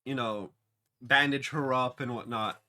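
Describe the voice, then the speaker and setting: A man talks through a TV episode in a loose, unscripted recap. He speaks slowly and often stops to restart his sentences with ums and uhs. His voice has a bright, forward edge. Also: medium pitch, fairly even intonation. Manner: rambling, many fillers and restarts. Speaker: TV episode reviewer. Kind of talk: casual spoken episode recap.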